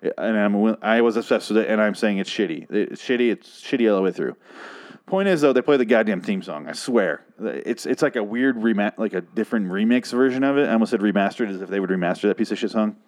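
A man's voice: on the low side, animated, fast, darkish tone. A man casually recapping a TV episode, ranting angrily and profanely, often restarting his sentences. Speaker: TV episode reviewer.

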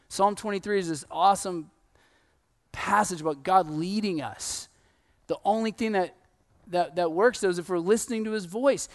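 A man in his thirties preaching a sermon in a conversational, animated way, telling stories and acting out quotes. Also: sits high, moderate pace. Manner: conversational, animated storytelling with laughs and acted quotes. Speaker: pastor.

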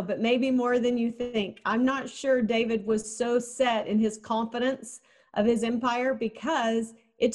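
A woman preacher gives her sermon in a relaxed, conversational manner, her voice sitting slightly high. She often wonders aloud and puts questions to her listeners, sometimes acting out the characters in her story.

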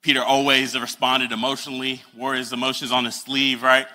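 A man's voice: medium pitch, flat delivery, fairly quick, pushed and bright, long reverb tail. A man preaching a sermon in a conversational, earnest way, acting out the scenes he describes. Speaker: pastor.

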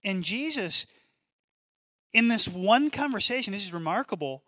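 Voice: medium pitch, very animated, unhurried, a bit bright, no room sound, studio quality. A pastor preaching a sermon in an emphatic, conversational way, often turning to the congregation with questions.

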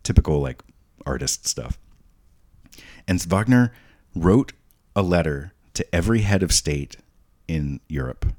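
A podcast guest with a remarkably deep, low voice tells family stories in a loose, casual way. He rambles, doubles back and restarts mid-sentence as he goes. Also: animated, measured pace, pauses often, a little mellow. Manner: rambling, frequent restarts and asides. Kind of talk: casual storytelling.

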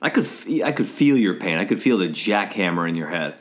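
A man's voice: sits low, lively intonation, a little fast. A man hosting a casual talk show, rambling and joking, often trailing off mid-sentence. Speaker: radio show host. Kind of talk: casual chat.

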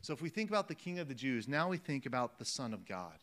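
A man's voice: medium pitch, very animated, quick pace, a bit bright. A man preaching a sermon, emphatic and repeating phrases for weight, calling his listeners friends.

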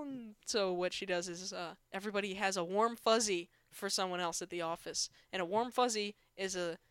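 A man co-hosting a comedy podcast, joking in a halting, self-deprecating way. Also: high voice, a bit bright, clear, resonant tone, dry recording. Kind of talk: casual comedy banter.

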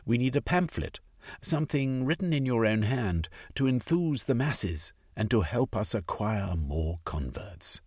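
A man's voice: mid-range voice, expressive, measured pace, darkish tone, slightly rough, no echo, studio quality, voice pushed up. A man voicing a passionate young aristocrat turned radical, pleading his case in a storybook reading. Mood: impassioned.

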